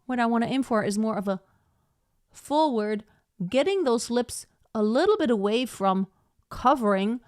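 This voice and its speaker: A woman's voice: a little high, animated, normal speed, a little mellow, no echo. Woman teaching singing, dry close sound. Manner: explains and demonstrates with sung examples. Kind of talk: live singing lesson.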